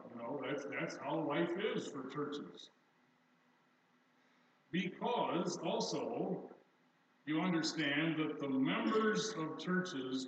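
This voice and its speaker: An older man preaches to his congregation in a loose, chatty way, telling stories with a dry, self-deprecating humor. His voice sits at a middle pitch and comes from a distance in a big, very echoey church. The sound is dull and muffled. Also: a little hiss or hum. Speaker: pastor. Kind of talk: sermon. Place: church sanctuary.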